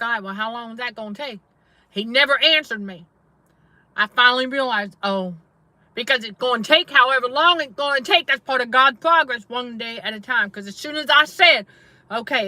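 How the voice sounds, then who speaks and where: Woman, middle-aged, casual testimony to viewers, repeats for emphasis, high pitch, dry close sound. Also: bright, forceful tone, dry recording. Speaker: faith-based trauma coach and channel host. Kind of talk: casual livestream preaching.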